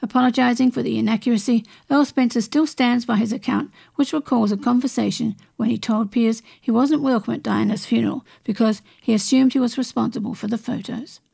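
A woman reading celebrity and royal stories from magazines aloud, in a steady read-aloud manner with brief restarts. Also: on the high side, a little fast, gravelly, hardly any pauses, husky. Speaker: news reader.

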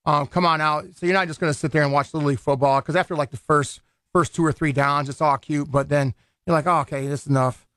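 A man with a slightly higher-than-usual voice talks loosely as a guest in a radio studio, circling back and restarting his sentences. His voice sits dry and close on the studio microphone, with no room sound around it. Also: steady tone, fast, fairly bright tone, no echo. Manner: rambling, loose, many restarts and fillers. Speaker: boxing event organizer. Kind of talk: casual radio interview.

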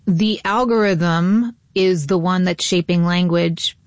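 An inquisitive woman hosting a radio interview, her voice fairly low for a woman. She keeps following up with probing questions, and the studio sound is dry and close. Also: slow, dry recording. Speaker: radio host.

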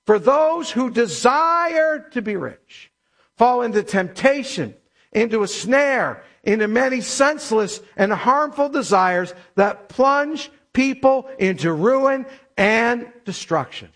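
A pastor delivers a sermon in a notably high voice. He preaches emphatically and slows down to stress the scripture he quotes. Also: expressive, a bit bright. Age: middle-aged or older.

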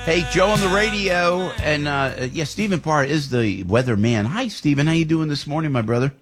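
A man hosting a radio talk show, jokey and excitable, repeating himself as he reads ads and chats with guests. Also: a little high, moderate pace, husky, faint music behind. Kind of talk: energetic radio host chat and live ad reads.

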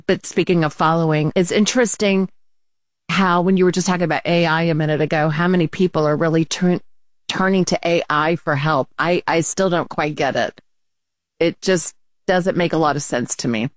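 A woman co-hosting a casual talk show, telling a story with animated quotes and laughs. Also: deep voice, moderate pace, no room sound, studio quality.

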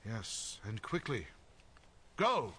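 An actor playing a calm, reassuring male apostle who leads his fellow believers. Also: on the low side, extremely slow, slight background noise, full character voice. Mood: solemn. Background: music.

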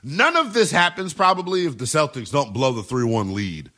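Man, sports radio host, bright voice, lively swooping pitch, emphatic and repetitive. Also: normal speed. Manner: emphatic, repetitive, animated delivery. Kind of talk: sports talk radio monologue.

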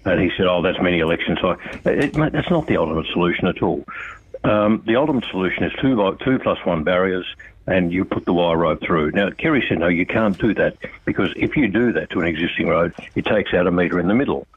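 Over a thin, tinny phone connection, an older Australian man who campaigns for road safety confronts an official head-on during a radio interview. He is blunt and impassioned, his low voice slightly rough, with no room sound.

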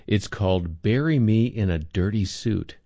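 A man reading a scripted radio show announcement in a smooth, measured promotional manner. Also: on the low side, animated, dark tone, no room sound, clean studio sound.

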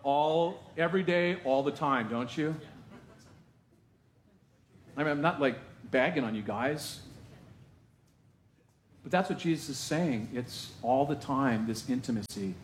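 A male pastor preaching a sermon to his congregation in a lively, conversational way, with asides to the room. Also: medium pitch, unhurried, long pauses, roomy sound, slight background noise. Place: church sanctuary.

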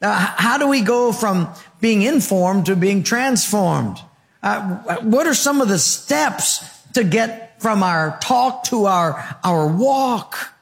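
A man's voice: high voice, expressive, slow pace, gravelly, long reverb tail. A male pastor preaching a sermon in a rhythmic, rhetorical style, mixing in humorous stories.

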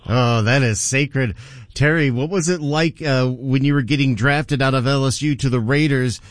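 A man's voice: mid-range voice, normal speed, dry recording. A man hosting a radio interview, asking a guest plain questions. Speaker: radio host.

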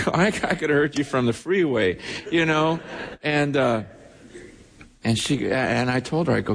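A man's voice: mid-range voice, measured pace, creaky, pauses often, a bit bright. A man preaching a sermon as pastor, telling stories with emotion and frequent restarts. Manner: storytelling, emotional, many restarts. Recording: long hall reverb.

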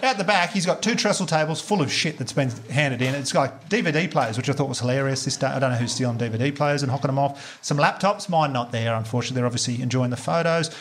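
An Australian man in his thirties doing a stand-up comedy set, telling a story quickly and acting out the dialogue. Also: medium pitch, a bit bright, slight background noise. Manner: fast storytelling with acted-out dialogue. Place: live comedy venue before an audience.

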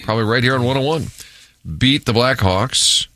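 A man hosting a morning sports radio show, brisk and jokey as he runs through the rundown. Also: mid-range voice, pushed and bright.

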